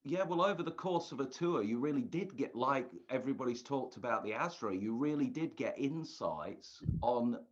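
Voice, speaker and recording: A man's voice: medium pitch, animated, moderate pace, hardly any pauses. Man, earnest reflective storyteller, plain mid voice, dull lo-fi sound. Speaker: guest magician recalling touring. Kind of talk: casual reminiscing chat.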